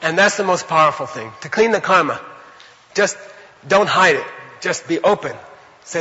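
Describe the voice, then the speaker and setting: A man giving an animated, conversational Buddhist teaching to a class, often checking in with his listeners. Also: on the high side, moderate pace, long pauses, in a large hall, dull audio. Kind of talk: dharma lecture to a class.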